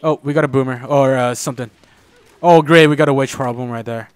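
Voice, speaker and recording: A young man hosting a gaming channel, chatting casually and reacting excitedly while playing a co-op game with a friend. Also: mid-range voice, clean tone, no room sound. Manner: excitable, joking, quick reactions. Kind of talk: casual co-op gameplay chat.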